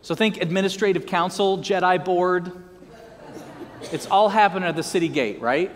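At a moderate pace and in a voice that sits high, a pastor preaches in what sounds like a big room. The sermon is lively, with jokes thrown in and call-and-response moments where the congregation echoes his words.

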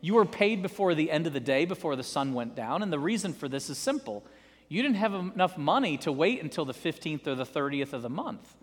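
A male preacher giving an animated sermon, telling a parable with dramatic emphasis, in a reverberant church. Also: a little high, fairly quick.

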